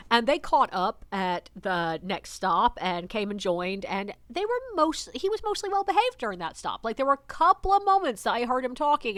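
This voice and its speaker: A woman tour guide tells a story in a lively, exasperated way, swearing freely. Her voice is high and bright, and the recording is dry and close with little room sound. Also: dry recording. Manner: animated, exasperated, profanity. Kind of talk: casual storytelling.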